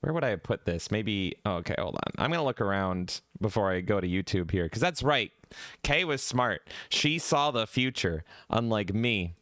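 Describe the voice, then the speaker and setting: A man's voice: on the low side, animated, moderate pace, fairly bright tone, no echo, clean studio sound. A man co-hosting a podcast in goofy, theatrical casual chat, breaking into shrieks. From Canada. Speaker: podcast co-host.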